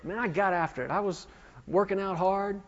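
A man's voice: high voice, normal speed. Man preaching in a reverberant hall. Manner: emphatic call-and-response questioning. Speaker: pastor. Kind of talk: sermon. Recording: dull lo-fi recording with long hall reverb.

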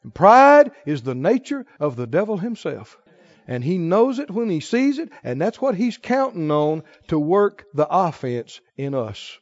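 High-voiced preaching man, dull dry sound. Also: big pitch swings, measured pace, no room sound. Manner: emotional storytelling, rising to forceful exhortation. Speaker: pastor. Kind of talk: sermon.

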